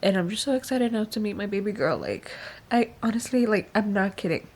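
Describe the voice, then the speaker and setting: A young woman vlogging casually about her pregnancy, chatty and excitable, full of fillers. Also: mid-range voice, a little fast.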